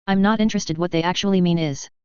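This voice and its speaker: Cheerful blunt alien busker, woman narrator voicing her, low smooth tone, dry close sound. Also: fast talker, warm tone, no echo, highs cut off, close to an everyday voice. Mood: cheerfully blunt. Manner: polite but bluntly refusing.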